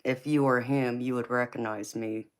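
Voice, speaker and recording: A woman's voice: a bass voice, fairly even intonation. A woman with a Southern accent hosting a live tarot reading stream, chatting casually with viewers and calling them baby. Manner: slow, drawling, calls viewers baby.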